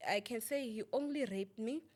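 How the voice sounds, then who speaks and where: A young woman, a guest on an interview show, telling a painful story in halting speech, repeating words, using many fillers and often asking if the listener understands. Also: fairly high pitch, a little mellow. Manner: asks "you understand?" often. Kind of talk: emotional personal testimony.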